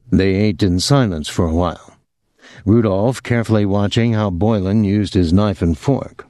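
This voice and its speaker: A man narrating a novel in a measured, expressive storytelling manner. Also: on the low side, dry recording, clean studio sound. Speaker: audiobook narrator.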